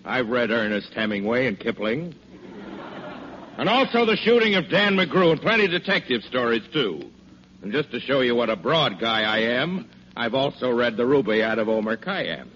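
A man's voice: medium pitch, sing-song, normal speed, fairly bright tone. An actor playing a pompous, theatrical male gunman sent from hell, speaking rhyming verse in 1940s radio acting. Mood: boastful. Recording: dull, faintly hissy old radio recording.

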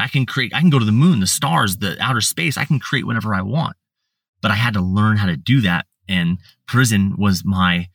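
Low-voiced man telling his story bluntly. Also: vocal fry, a bit bright, no echo, far from the mic. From United States. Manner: blunt, swears, lots of fillers and restarts. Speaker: podcast guest. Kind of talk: casual storytelling.

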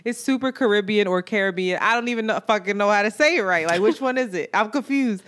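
Woman co-host, casual chatty storyteller, animated, quotes people in voices. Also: medium pitch, quick pace. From New York. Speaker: podcast co-host.

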